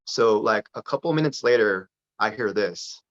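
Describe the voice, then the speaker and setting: A man telling a personal story as a guest on a podcast interview, lively and full of restarts. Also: fairly low pitch, normal speed. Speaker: podcast guest, parent advocate. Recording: dull lo-fi sound.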